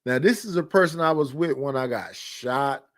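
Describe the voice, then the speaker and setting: A man's voice: mid-range voice, normal speed. A man in his fifties, a podcast host, telling personal stories in blunt, candid casual chat with repetitive phrasing. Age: 50s.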